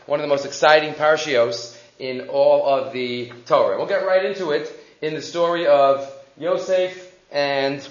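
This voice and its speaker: Male Torah teacher, high voice, lively delivery, roomy dull recording. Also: measured pace, few pauses. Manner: animated, acts out quotes with rising voice; mixes Hebrew quotes into English. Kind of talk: weekly Torah portion class.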